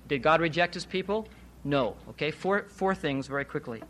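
Emphatic preacher man, higher-pitched voice. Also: expressive, moderate pace, fairly bright tone, a little hiss or hum. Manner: emphatic, rhetorical questions, repeats key phrases. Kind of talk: expository Bible sermon.

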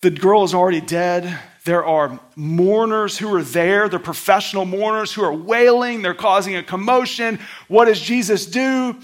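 A man preaching a sermon in a conversational style, swinging between loud outbursts and soft, hushed passages. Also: high voice, moderate pace, hardly any pauses. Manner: conversational, self-deprecating preaching. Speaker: pastor.

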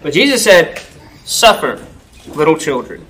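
Man preaching an animated sermon. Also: on the high side, measured pace, rough recording. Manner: animated storytelling, frequent "right?" checks. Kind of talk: conversational sermon.

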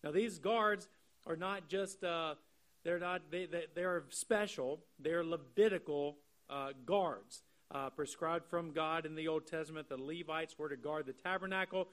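A man with a notably high voice preaching an expository sermon. He talks earnestly and walks through the text line by line. He draws out key phrases slowly for emphasis. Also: fairly bright tone. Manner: earnest, explanatory, slows down to stress key phrases. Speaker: pastor.

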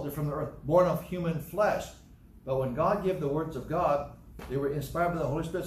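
A man preaching in a church or hall, voice somewhat high for a man. He teaches emphatically, repeats his phrases and answers his own questions. The sound is roomy and echoey, picked up from a distance. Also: darkish tone, slight background noise. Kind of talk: sermon, Bible teaching.

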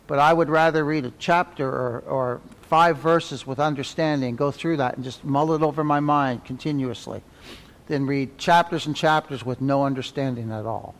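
A man's voice: mid-range voice, normal speed. Folksy church teacher, man, echoing hall. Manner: folksy, repeats phrases, asks "right?". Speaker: Sunday school teacher. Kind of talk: conversational Bible teaching.

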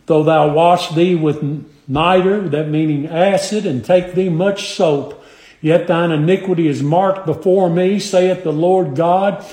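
A man preaching a sermon, emphatic and measured, drawing out scripture lines in old wording. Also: a little high, darkish tone. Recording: echoey room.

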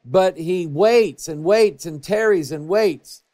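A man pastor preaching a sermon for a TV broadcast, telling stories and moving between hushed and raised passages. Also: high voice, slow pace. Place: church TV broadcast.

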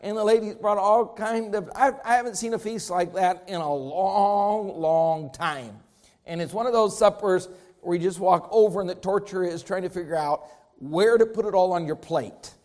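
A man's voice: high-pitched, normal speed, a little mellow. A man preaching a sermon to his congregation, with an emphatic, rising and falling preaching cadence. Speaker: pastor.

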